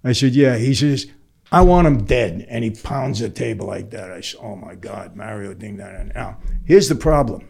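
A man's voice: lowish voice, normal speed, vocal fry, few pauses, husky. An older man, a podcast guest telling a long story and acting out each person's lines. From New York. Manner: animated, acts out the other people's lines. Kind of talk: storytelling in conversation.

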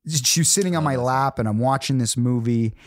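A man's voice: mid-range voice, fairly quick, no echo, studio quality. A man hosting a podcast, casually telling a rambling story full of "like" and restarts. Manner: rambling storyteller, heavy use of "like". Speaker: podcast host. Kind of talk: casual chat.

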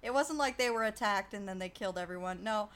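A woman's voice: mid-range voice, fast, a bit bright. A woman co-hosting a podcast, chatting about a film with wry, dry asides. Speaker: podcast co-host. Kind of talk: casual film recap chat.

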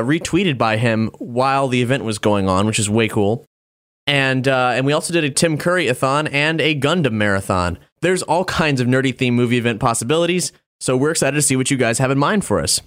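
A man's voice: mid-range voice, a bit bright. A man hosting a podcast, casually reading out donor thanks and messages in an upbeat way. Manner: upbeat, reads donor messages, laughs easily. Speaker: podcast host.

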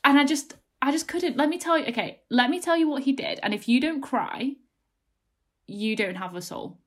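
A young woman chatting casually on a podcast, emotional and excitable, rambling with lots of fillers. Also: high-pitched, moderate pace.

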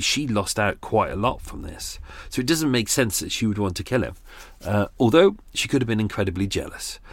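Casting note: male podcast host, low voice, chatty and rambling, dry close sound. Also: no room sound. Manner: chatty, rambling, with asides and laughs. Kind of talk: casual true-crime podcast wrap-up.

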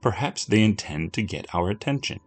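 A man's voice: on the low side, lively intonation, moderate pace. A man doing a cold, imperious tall woman. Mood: cool. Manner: curt and commanding.

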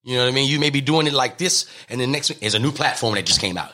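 A man, a comedian, telling animated stories in an interview, acting out the people he quotes. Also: medium pitch, very fast. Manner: lively, acts out quotes in different voices. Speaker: comedian and guest.

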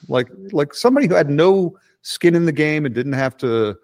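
A man's voice: a little high, big pitch swings, normal speed, darkish tone. A middle-aged man guesting on a podcast, talking bluntly and profanely in a casual chat, with frequent restarts.

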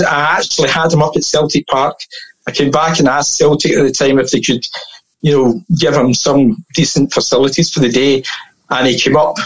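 A man's voice: on the high side, poor audio. A man telling anecdotes as a podcast guest in a casual, chatty way, laughing often and full of fillers and restarts.

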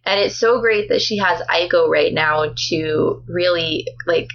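A woman co-hosting a casual book podcast, chatty and quick to laugh, often reading from her notes. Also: on the low side, vocal fry, lo-fi sound. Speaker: podcast co-host.

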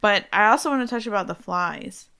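A woman's voice: mid-range voice, expressive, a little fast, bright, forceful tone, clear, resonant tone. A young woman hosting a podcast, chatting casually and asking her guest curious follow-up questions. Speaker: podcast host. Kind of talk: casual interview chat.

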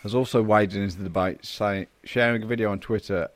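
A man's voice: on the low side, fairly even intonation, no echo. A man co-hosting a casual comedy podcast, reading news stories aloud with crude banter and breaking into laughter. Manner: reads quickly, laughs through lines, crude banter. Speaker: podcast co-host.

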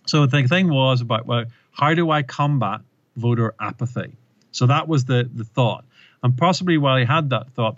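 Animated man retelling a story. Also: medium pitch, dry recording, muffled recording. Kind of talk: explanatory interview talk.

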